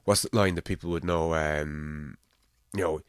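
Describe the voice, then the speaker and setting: Deep-voiced Navan Irish man chatting. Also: fairly even intonation, measured pace, clear, resonant tone, no room sound, studio quality. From Ireland. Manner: swearing, thinking out loud with restarts. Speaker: podcast host. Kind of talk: casual podcast chat.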